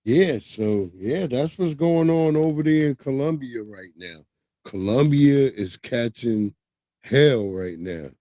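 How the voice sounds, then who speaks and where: Male streamer, 30s, lively swooping delivery, close dry sound, casual profane commentary. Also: mid-range voice, slow, dry recording. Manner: loose, profane, animated storytelling. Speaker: livestream host. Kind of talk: casual commentary on news clips.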